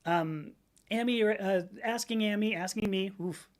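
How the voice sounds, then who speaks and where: Speaking a little slowly in a mid-range voice, a middle-aged American woman hosts a laid-back livestream and reads chat. She responds to comments with rambling answers and corrects herself often.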